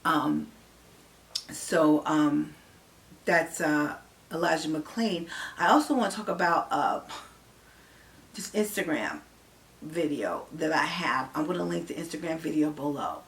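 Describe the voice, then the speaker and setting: A woman's voice: deep voice, lively intonation, a little slow, creaky, pauses often, far from the mic. An emotional woman giving impassioned vlog commentary to her viewers, rambling with many fillers and restarts. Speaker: vlogger.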